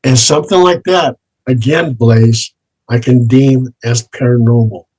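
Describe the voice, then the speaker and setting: Husky male paranormal investigator, unhurried anecdotal delivery in an interview. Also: medium pitch, steady tone, darkish tone, rough recording. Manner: slow, plain anecdotal telling, repeats set phrases. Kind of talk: interview storytelling.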